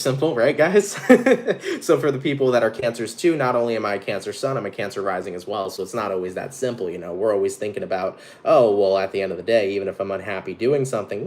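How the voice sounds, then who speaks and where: Male tarot reader, mid-range voice, very animated delivery, casual and foul-mouthed. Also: mid-range voice. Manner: upbeat, casual, with frequent swearing; talks straight to the viewers, addressing them by zodiac sign. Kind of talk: casual daily tarot reading.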